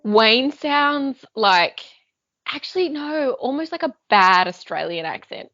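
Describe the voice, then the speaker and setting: A woman's voice: high-pitched, lively intonation, takes it slowly, a bit bright, no echo, lo-fi sound. A woman co-hosting a casual book podcast, chatting about how audiobook characters sound. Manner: chatty, comparing audiobook voices. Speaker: podcast co-host.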